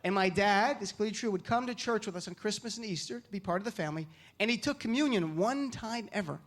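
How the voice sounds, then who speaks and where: A male stand-up comedian from New Jersey, performing on stage to a live audience with an animated, mocking delivery. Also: high voice, quick pace. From New Jersey, USA. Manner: animated, mocking delivery with many put-on voices. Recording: live show with audience noise.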